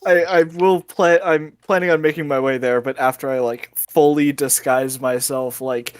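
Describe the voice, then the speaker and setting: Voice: mid-range voice, fairly even intonation, normal speed, clean tone, no echo, clean studio sound. A player describing plans in a tabletop game, rambling with fillers. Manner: rambling, laughing.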